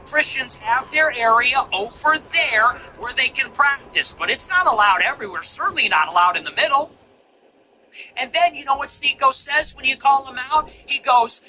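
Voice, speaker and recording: A man's voice: very high voice, expressive, moderate pace, sharp tone, a little hiss or hum, rough recording. A male host delivering a heated, profane, mocking monologue. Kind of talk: ranting monologue.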